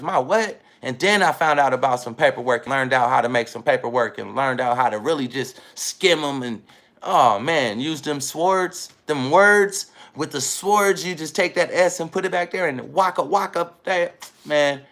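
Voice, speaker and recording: A man's voice: fairly high pitch, unhurried, a bit bright. A man talking casually to his viewers in a rambling, emphatic monologue, often repeating phrases for weight. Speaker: vlogger. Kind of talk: casual self-filmed monologue.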